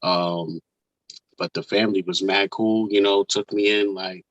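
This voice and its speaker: Co-host: low, relaxed man, dry muffled lo-fi audio. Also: unhurried, dry recording. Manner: laid-back, heavy on filler phrases. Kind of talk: casual conversation.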